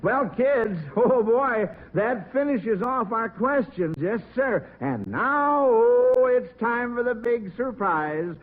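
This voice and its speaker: A man's voice: very high voice, lively intonation, takes it slowly, few pauses. A man hosting a 1940s radio quiz show for children, folksy and enthusiastic, heard over a tinny old broadcast. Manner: folksy and enthusiastic, many exclamations.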